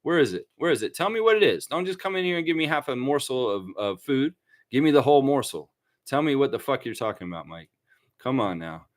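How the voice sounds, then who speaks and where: A man hosting a casual fan livestream, rambling and animated as he talks to his chat. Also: medium pitch, fairly quick, dry recording. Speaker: fan channel host.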